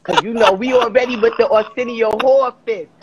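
A woman podcast host telling a rowdy story in animated chat, whooping and cursing as she acts out her friends. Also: a little high, normal speed, dull audio, very noisy.

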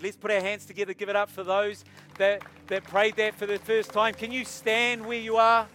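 High-voiced pastor over soft music. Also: male voice, little pitch movement, normal speed. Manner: soft and hushed while praying, rising to loud urging. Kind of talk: sermon altar call. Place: church service with music behind.

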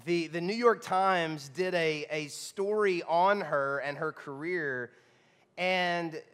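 A hoarse male pastor, bubbling over with excited, chatty energy as he preaches. His slightly high voice rings out in a church hall with a long echo. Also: slow. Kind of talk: sermon. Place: church auditorium.

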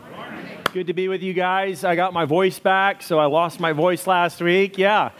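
A man's voice: sits high, steady tone, normal speed, fairly bright tone. A male pastor opening a church service in a chatty, joking, self-deprecating way, telling stories to the congregation. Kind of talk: sermon opening with casual storytelling.

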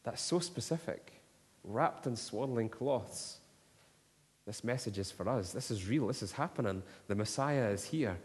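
A man's voice: medium pitch, lively intonation, measured pace. Man preaching in a reverberant hall. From Scotland. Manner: impassioned preaching, rising to a near shout. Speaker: pastor. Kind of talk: sermon.

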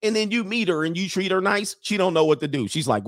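A man's voice: sits high, fast, dry recording, clean studio sound. A man commenting on a video clip with comedic mockery, breaking into impressions and laughter. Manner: animated, mocking impressions, laughs often.

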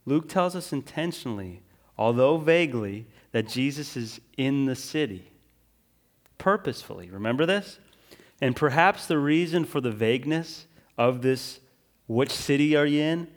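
A male pastor preaching a sermon, moving between urgent emphasis and quiet, drawn-out phrases, often checking in with listeners. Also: medium pitch, expressive. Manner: swings from loud and urgent to hushed and slow, with frequent "right?" asides.

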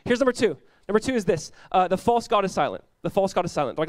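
A young man preaching a sermon as pastor, casual and animated, peppered with "like" and quick laughs. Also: high-pitched, no echo.

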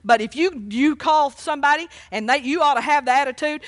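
A woman preaching a sermon, folksy and fervent, breaking into loud cries when she quotes a plea for mercy. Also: high-pitched, brisk, few pauses, dry recording. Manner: fervent, folksy, exclaims praise often; rises to shouting when quoting cries for mercy.

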